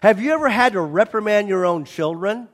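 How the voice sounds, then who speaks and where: A male pastor preaching a sermon, animated, acting out scenes and repeating lines for emphasis. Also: high-pitched, fairly quick. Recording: long reverb of a large hall.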